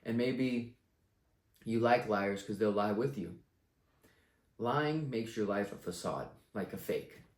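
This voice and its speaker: A man's voice: on the low side, expressive, slow pace, pauses often. A young man giving blunt life advice in a casual rant, confident and full of swearing. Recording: echoey room.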